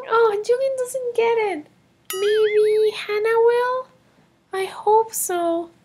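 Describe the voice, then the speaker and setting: A woman voicing a worried little girl in a toy film, speaking in a high, childlike way. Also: takes it slowly, noisy background. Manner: worried and pleading. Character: little girl who has lost her voice.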